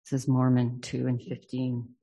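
A man's voice: medium pitch, completely flat delivery, normal speed, creaky, dark tone, slightly rough. A man teaching a reflective scripture study lesson. He reads verses aloud and then muses on them thoughtfully.

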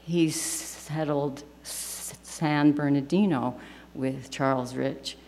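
Low, slow-spoken woman teaching scripture. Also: fairly even intonation, a little mellow. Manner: earnest, reverent reading aloud. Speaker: class teacher. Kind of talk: scripture lesson to a class. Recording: long hall reverb with faint hum.

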